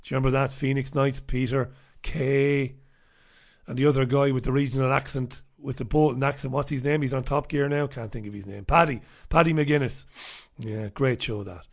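A man's voice: mid-range voice, fairly even intonation, normal speed, gravelly. A man hosting his own show, chatting casually and sardonically through viewer comments, profane and rambling. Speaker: host of his own radio show and livestream. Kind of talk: casual livestream chat reading viewer comments.

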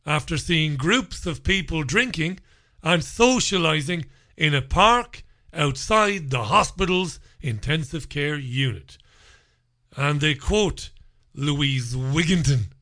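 A man's voice: on the high side, sharp tone. A man hosting a talk radio show, rambling through listener messages in a sarcastic, mocking monologue.

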